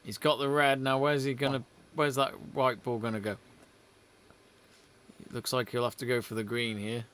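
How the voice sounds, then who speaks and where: A man's voice: mid-range voice, level tone, normal speed, a bit bright, a little hiss or hum. A man co-hosting a live sports watch-along, chatting casually and reading out viewer messages. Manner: chatty, reads out viewer messages, laughs often. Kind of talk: casual live commentary chat.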